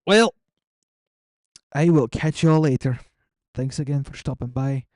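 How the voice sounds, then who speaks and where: A man's voice: mid-range voice, measured pace, a little mellow, dry recording, studio quality. A young man streaming a game, rambling casually and answering his chat as he signs off. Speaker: gaming streamer.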